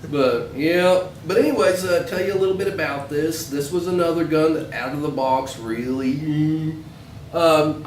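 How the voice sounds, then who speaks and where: A man chatting casually as co-host of a gun show. He rambles a bit and slips into quoting people as he tells a story. His voice sits a little high, and he sounds distant in an echoey space with faint noise behind. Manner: rambling, storytelling with acted quotes. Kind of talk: casual chat.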